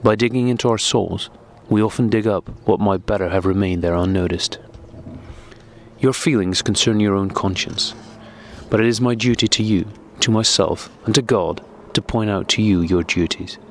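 A man's voice: lowish voice, a little hiss or hum, close to an everyday voice. Man voicing a cold, formal older husband. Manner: cold, measured, deliberate. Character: cold, formal middle-aged husband, stiff official.

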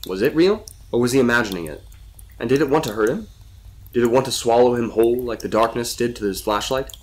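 A man reading a spooky story aloud in scripted narration, with expressive delivery. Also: medium pitch, fast.

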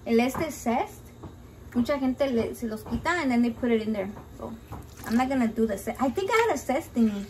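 A woman's voice: fairly high pitch, lively intonation, a little fast, a little mellow. A young woman cooking at home, talking casually and playfully, swearing a lot and switching between Spanish and English. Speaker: home cook vlogger. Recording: noisy home kitchen recording.

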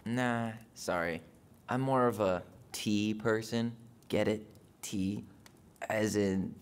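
An actor playing a dry-witted young adult brother in a story game. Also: male voice, on the low side, fairly even intonation, slow pace, clean tone. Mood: joking. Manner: dry, wry joker.

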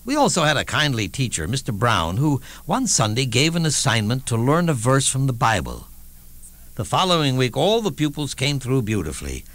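An actor plays a wry, elderly statesman spinning anecdotes on stage. The voice is bright and lively, swinging through a wide range of pitch as he chuckles through his tales. The sound is close and dry. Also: moderate pace, no echo. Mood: amused. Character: elderly male statesman, witty, wry raconteur. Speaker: stage actor in a one-man show. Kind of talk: theatrical storytelling monologue.

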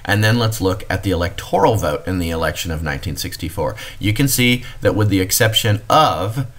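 A man's voice: deep voice, animated, fairly quick, fairly bright tone. A man giving a recorded history lecture, explaining to students and addressing them directly.

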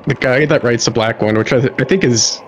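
A man chatting on a gaming stream and reading game notes aloud in a steady, even way. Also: mid-range voice, a little fast, a little hiss or hum, low-quality recording. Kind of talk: casual gaming chat.

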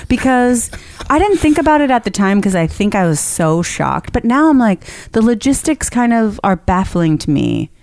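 Woman, podcast guest, casual chat, frank, lively pitch, dry room. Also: normal speed, no room sound. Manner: animated storyteller, frank, laughs often. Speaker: podcast guest, Reiki healer and former esthetician.

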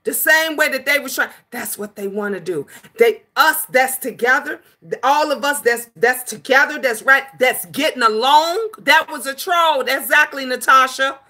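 High, bright-voiced woman livestreamer. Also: normal speed, hardly any pauses. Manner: animated and emphatic, repeating lines for effect; profane, scolding trolls. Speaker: livestream host. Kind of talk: casual livestream chat, answering viewers.

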